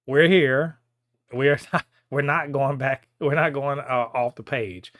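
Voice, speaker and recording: A man's voice: mid-range voice, steady tone, slow pace, fairly bright tone, no room sound, clean studio sound. A man co-hosting a podcast, ranting in a heated, profane way in casual chat. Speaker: podcast co-host.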